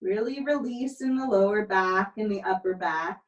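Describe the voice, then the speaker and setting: A tired woman instructor calmly cueing pilates moves and counting through the reps, recorded on a camera mic a few steps away in an indoor studio. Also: medium pitch, moderate pace, recorded from a distance, muffled recording. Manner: calm step-by-step cueing with counts. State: tired, yawning. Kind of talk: guided exercise instruction. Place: indoor exercise space.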